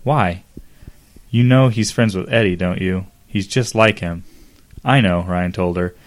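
A comedy podcast host reads fan fiction aloud in a low voice at a measured pace. He performs the dialogue dramatically, often cracking up and dropping in asides.

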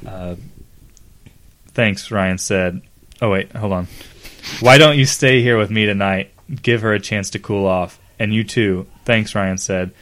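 Here a comedy podcaster, his voice on the low side and a bit bright, gives a dramatic reading of fan fiction. He voices the dialogue, laughs partway through, and throws in asides.

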